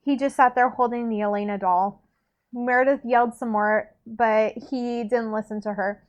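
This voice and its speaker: A woman's voice: on the high side, steady tone, normal speed. Woman reading a novel aloud, stumbling. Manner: stumbles and corrects herself mid-line. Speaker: reader. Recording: dull lo-fi recording.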